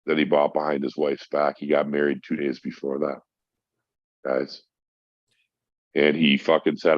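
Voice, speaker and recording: A man's voice: extremely low pitch, flat delivery, normal speed, long pauses, no room sound. A middle-aged man from Minnesota, a podcast guest telling a heartfelt story in casual chat, swearing freely. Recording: dull, dry lo-fi sound.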